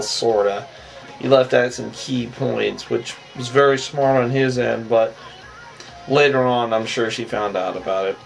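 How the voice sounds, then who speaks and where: A man recaps a TV episode in a casual, rambling way, chuckling often and repeatedly using the tic "on that." His voice is medium-pitched, and the audio quality is poor.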